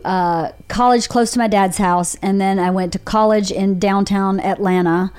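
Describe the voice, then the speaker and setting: A woman in her forties with a Southern accent from Georgia, hosting a podcast and telling candid stories with lively quoted voices. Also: mid-range voice, smooth. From Georgia, USA. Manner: candid storytelling with animated put-on quotes. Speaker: podcast host. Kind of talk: casual chat.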